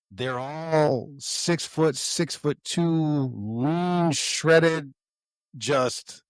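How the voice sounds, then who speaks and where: In a dry recording, a medium-pitched American man co-hosts a podcast, casually rambling through stories with occasional swearing. He laughs at his own tales as he goes.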